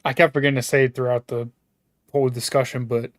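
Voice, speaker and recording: A man co-hosting a casual podcast, excitable, swearing freely and laughing as he talks. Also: medium pitch, quick pace, dry recording, clean studio sound. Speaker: podcast co-host. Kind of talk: casual live-stream chat.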